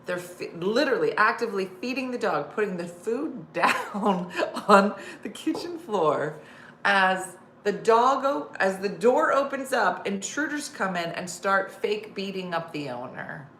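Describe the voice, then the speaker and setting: A woman's voice: medium pitch, lively intonation, measured pace, a bit bright, reverberant, a little hiss or hum. A middle-aged woman hosting a casual live stream, chatty and laughing, reading viewer comments aloud. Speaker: host.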